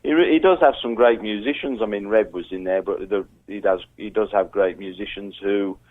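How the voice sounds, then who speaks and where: A man's voice: fairly low pitch, fairly quick. A man telling road stories as a guest, acting out quotes and voices as he goes. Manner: animated storyteller, acts out quotes with a raised voice. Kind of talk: casual storytelling chat. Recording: tinny phone line.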